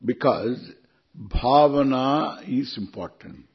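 Slow-talking Indian man teaching scripture. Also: medium pitch, slightly rough, muffled recording. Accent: Indian English. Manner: unhurried, chuckling, chants Sanskrit verses. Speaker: spiritual teacher. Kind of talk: scripture lecture.

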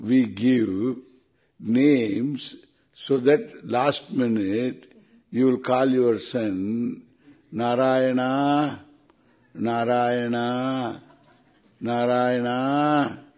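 A man with an Indian English accent giving an unhurried, chuckling lecture on scripture, chanting Sanskrit verses. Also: medium pitch, breathy edge, lo-fi sound. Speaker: spiritual teacher.

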